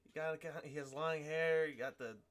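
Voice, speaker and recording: A man voicing a proud veteran fighting grandmaster, a brisk mentor who rambles with halting fillers. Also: a little high, steady tone, a bit bright, natural voice.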